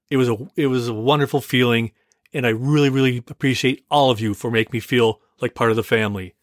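A man's voice: mid-range voice, no room sound, studio quality. A man hosting his own movie podcast, talking casually and gratefully to listeners, often stumbling and correcting himself. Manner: rambling, self-correcting, grateful. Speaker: podcast host. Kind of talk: casual solo podcast talk.

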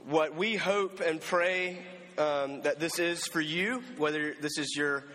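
Measured male preacher in a reverberant hall. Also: a little high, sharp tone. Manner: measured, deliberate delivery that slows down for emphasis. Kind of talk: sermon with scripture reading. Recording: long reverb from a large hall.

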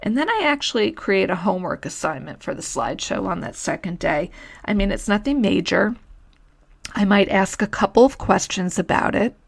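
Frank woman teacher with a gravelly edge. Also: mid-range voice, lively intonation, normal speed. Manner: frank, matter-of-fact, conversational with asides. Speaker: teacher and podcast host. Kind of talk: solo podcast advice talk.

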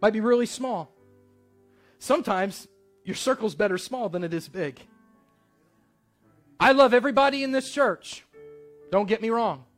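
High-voiced man preaching a sermon. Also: lively intonation, normal speed, long pauses, faint music behind. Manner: storytelling, conversational and earnest. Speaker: pastor.

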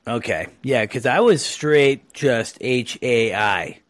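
A man hosting a relaxed podcast conversation. He wanders through stories with lots of "uh" and "you know". His voice sits at a middle pitch and is recorded dry and close over a remote call. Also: slow, no echo. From Oregon, USA. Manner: chatty, rambling with many fillers. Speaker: podcast host. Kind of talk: casual podcast chat. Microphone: own mic on a remote call.

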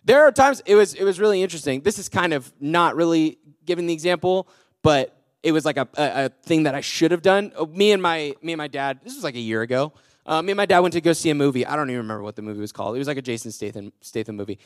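Lively young male youth pastor. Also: on the high side, fast, no room sound, studio quality. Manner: casual, energetic, acts out teen voices. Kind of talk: sermon to a youth group.

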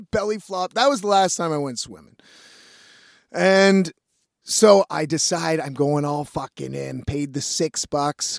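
A man's voice: high-pitched, vocal fry, no room sound, studio quality. A male musician telling a rambling story in a casual monologue, swearing often and laughing as he goes.

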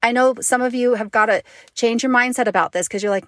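A mom vlogger and online business owner in her thirties from Utah, United States, talks directly to her viewers in a chatty, emotional personal vlog. Her fairly bright voice is on the high side and fast, with no room sound.

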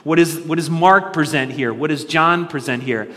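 A pastor preaching a sermon, earnest, asking rhetorical questions and repeating key lines for emphasis. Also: male voice, fairly high pitch, normal speed, fairly bright tone. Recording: long reverb of a large hall.

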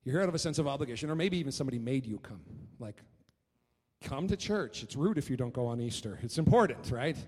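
A man preaching a sermon as pastor, telling stories in an animated way and often repeating his words. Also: medium pitch, rapid-fire, few pauses. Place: church hall. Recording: long reverb of a church hall.

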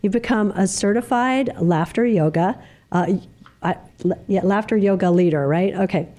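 Woman host, mellow soft voice, gushes encouragement at her guest. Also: medium pitch, moderate pace. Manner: warmly encouraging, effusive. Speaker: interview host. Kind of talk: conversational interview.

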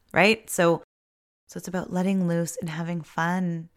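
A woman in her thirties with a slightly low-pitched voice chats to her viewers in a loose, upbeat way. Her talk is casual and rambling, peppered with "like" and "you know.". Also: level tone, a little slow. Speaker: vlogger.

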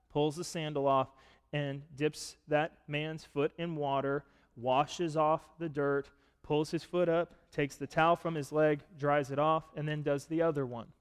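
A man's voice: on the high side, clean tone. Preaching man in a reverberant hall. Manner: storytelling, asks listeners to picture the scene; builds to loud, emphatic preaching. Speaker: pastor. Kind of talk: sermon. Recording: long reverb of a large hall.

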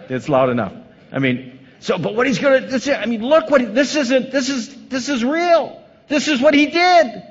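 Male pastor preaching, high animated voice, big swings loud to hushed, echoey hall, muffled recording. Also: normal speed, slightly rough. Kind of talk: sermon.

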